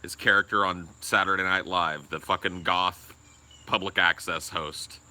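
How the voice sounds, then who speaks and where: A man on a podcast rambles in casual, profane chat, his voice strikingly bright and edgy. He sits a little low in pitch and bursts into loud laughs between thoughts. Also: steady tone, a little slow. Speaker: podcast co-host.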